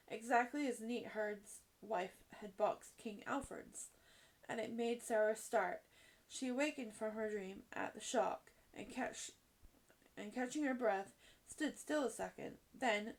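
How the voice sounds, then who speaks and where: Woman reading a storybook aloud. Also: a little high. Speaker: audiobook reader.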